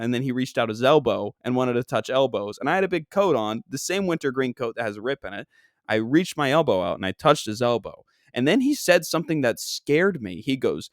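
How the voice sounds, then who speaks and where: Man, podcast host, comic storytelling, rambling, self-deprecating, smooth clear voice, dry sound. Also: medium pitch, normal speed, no echo. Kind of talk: comedic storytelling. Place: New York.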